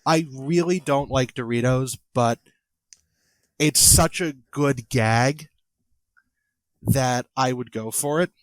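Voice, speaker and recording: An American man co-hosting a podcast in casual chat, halting and hesitant, with many fillers. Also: mid-range voice, dry recording. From United States. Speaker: podcast co-host.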